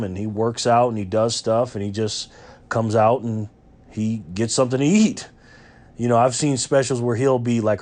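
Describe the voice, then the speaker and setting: This low-leaning, darkish male voice belongs to a vlogger from Rochester, New York. He tells a chatty, casual story full of fillers and restarts.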